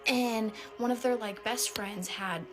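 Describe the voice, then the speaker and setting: A woman's voice: on the high side, steady tone, unhurried, music in the background. A woman of about nineteen telling a storytime while doing her makeup, offhand and rambling with lots of fillers. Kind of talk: casual storytime monologue.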